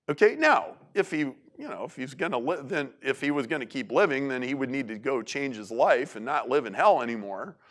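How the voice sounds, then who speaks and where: Man, talk speaker, loose chatty delivery with lots of restarts, a bit high-pitched. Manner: animated, conversational, many restarts and "like". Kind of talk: talk to an audience.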